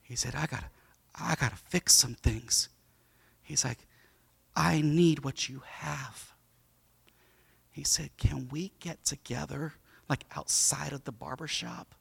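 A man preaching a sermon, moving between quiet storytelling and loud, impassioned preaching. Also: mid-range voice, takes it slowly, vocal fry, pauses often, husky. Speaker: pastor.

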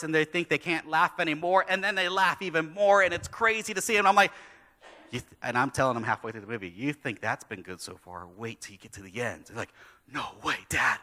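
A pastor preaching a sermon, telling a story about his kids and acting out their lines in lively storytelling. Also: a little high. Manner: animated storytelling, acting out his kids' voices. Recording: long hall reverb.

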